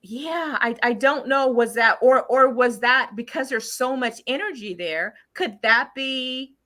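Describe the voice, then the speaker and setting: A woman's voice: on the high side, a little slow, bright, forceful tone. A middle-aged woman casually telling her viewers about a trip, rambling with lots of fillers and restarts. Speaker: channel host sharing travel story.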